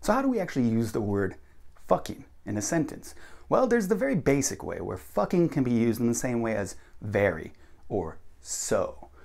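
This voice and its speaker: An American man talks through an informal English lesson, his voice leaping around in pitch as he acts out examples. There is a gravelly rasp under his speech, and he sounds at ease. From United States. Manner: animated, acts out example sentences with big pitch jumps. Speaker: English teacher, channel host. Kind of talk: casual explainer video.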